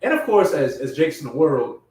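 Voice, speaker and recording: A man preaching a sermon in casual slang, growing impassioned and loud at his emphatic peaks. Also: a little high, very animated, normal speed. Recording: echoey room from far off.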